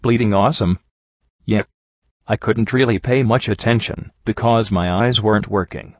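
A man narrating a first-person story as an audiobook reader, in a steady, understated manner with little change between characters. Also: lowish voice, moderate pace, dry recording, dull audio. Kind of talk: first-person fan fiction reading.

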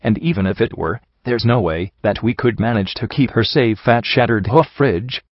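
A man voicing a blunt male pony officer who speaks with a wet, rasping breath. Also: medium pitch, normal speed, dry recording, highs cut off, close to an everyday voice. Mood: grim.

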